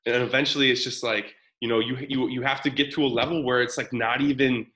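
A man's voice: mid-range voice, fast talker, rough recording. Casual man hosting a parenting webinar. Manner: casual, energetic, reads out chat comments. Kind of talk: live webinar talk to a chat audience.

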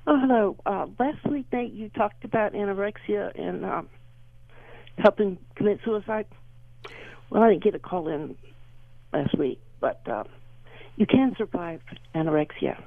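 A woman in her sixties from Southern California, calling in to a radio show and chatting earnestly with some halting pauses. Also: medium pitch, lively intonation, vocal fry, dry recording. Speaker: caller. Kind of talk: call-in chat. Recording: tinny phone line, dry.

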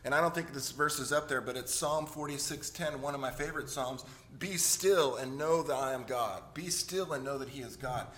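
A man's voice: medium pitch, moderate pace, hardly any pauses, pushed and bright, slight background noise. A middle-aged male pastor preaching in a church, conversational, with joking asides and repeated words. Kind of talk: sermon. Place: church sanctuary.

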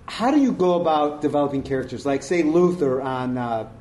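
A male host asking questions in a live interview in a relaxed, hesitant way. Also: mid-range voice, brisk. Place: live interview before an audience. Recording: echoey room, faint ambient noise.

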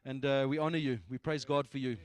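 A man's voice: medium pitch, flat delivery, fast talker, clean tone. A man leading a church meeting, giving announcements and exhortation in a casual, emphatic, repetitive preaching manner. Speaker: church leader.

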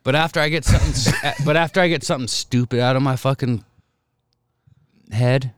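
A man telling stories in casual chat with friends, profane and animated, often quoting people in put-on voices. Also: mid-range voice, brisk, smooth, no room sound.

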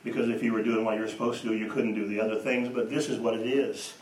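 A man's voice: lowish voice, flat delivery, fast talker. Distant echoey preacher man. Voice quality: storytelling with shifts between hushed and emphatic delivery. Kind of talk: sermon.

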